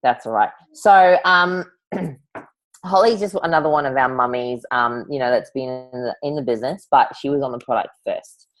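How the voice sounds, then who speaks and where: A woman's voice: a bass voice, moderate pace, poor audio. A woman hosting an online event over a video call, chatty and affectionate, calling guests honey and darling.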